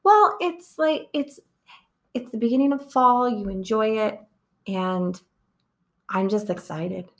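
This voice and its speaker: A woman's voice: medium pitch, steady tone, measured pace, pauses often. A woman co-hosting a podcast in casual chat, rambling along with lots of "like". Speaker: podcast co-host.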